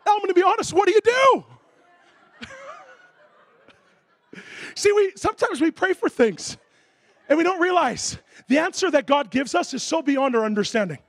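A man preaching a sermon, telling a comic story with animated delivery and shouted sound effects. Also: very high-pitched, a little slow, pauses often, dry recording.

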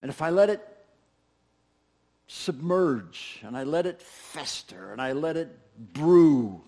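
A man's voice: a little high, expressive, slow pace, mellow. A male pastor delivering a sermon in a conversational way, talking straight to the people in front of him and repeating lines to drive a point home. His voice rises and falls widely, full of swings. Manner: conversational, speaks straight to the congregation with repetition.

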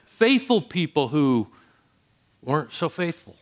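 A man preaching a sermon, dramatic, dropping to soft low phrases and then rising to loud emphatic ones. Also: animated, a little slow. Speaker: pastor.

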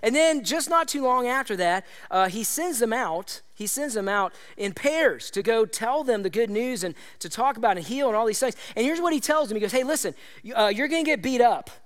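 A man with a high voice preaches in a conversational, animated way. He acts out quoted lines with vivid voices and keeps checking in with the congregation. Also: normal speed, few pauses. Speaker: pastor. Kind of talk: sermon.

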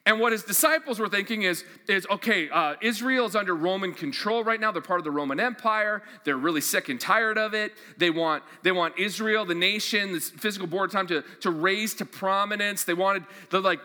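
A man with a high, bright voice preaches a sermon in a casual, energetic way, repeating his questions and leaning on fillers. The sound carries a long reverb from a large church hall. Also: brisk, few pauses. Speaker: pastor.

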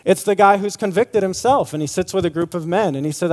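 A man's voice: high-pitched, fast, hardly any pauses. A man preaching a sermon in a loose, conversational way, with many fillers and restarts. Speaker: pastor. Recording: long hall reverb.

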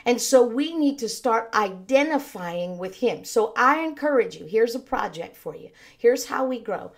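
Female pastor, slightly high voice, expressive sermon delivery with acted-out scripture lines. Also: normal speed, vocal fry, hardly any pauses. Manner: expressive preaching, acts out voices of scripture figures.

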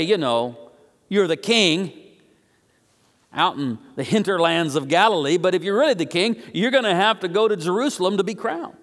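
Pastor preaching, high voice, lots of ups and downs, echoey sanctuary. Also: male voice. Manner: animated storytelling, emphatic with slow stressed phrases. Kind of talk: sermon. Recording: echoey hall.

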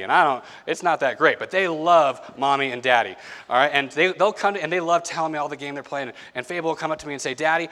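A man's voice: on the high side, bright, forceful tone. A man in his thirties, a pastor giving a conversational sermon and asking the congregation questions. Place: church sanctuary. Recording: long reverb of a church hall.

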